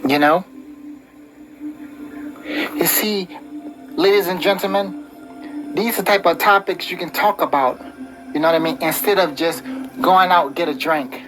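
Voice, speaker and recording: A vlogger with a high voice gives a rambling, preachy monologue of relationship advice, speaking unhurriedly with frequent pauses and lots of "you know." Background music plays, and the recording is rough.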